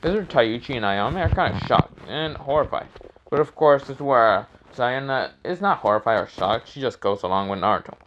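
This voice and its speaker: A man's voice: mid-range voice, lively intonation, a little fast, fairly bright tone, muffled recording, slight background noise. A man casually narrating a fan-made story, rambling with lots of fillers and self-corrections.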